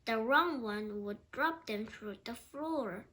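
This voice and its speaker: Woman reading storybook aloud, high voice, lively pitch, slow pace, bright tone. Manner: slow, clear, expressive reading. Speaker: storybook reader. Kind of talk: reading a children's book aloud.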